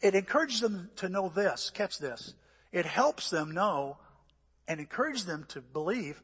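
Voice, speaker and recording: An older man preaching a sermon, telling stories animatedly and acting out voices and shouts, sounding a little out of breath. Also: high voice, very animated, unhurried, slightly rough. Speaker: pastor. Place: church. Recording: echoey church hall.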